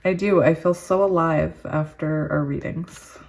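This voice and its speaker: Tarot reader, female, slightly low voice; slow soothing card reading, excitable laughing asides. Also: vocal fry. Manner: giddy and excitable, laughs often. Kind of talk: reading oracle cards aloud with chatty asides.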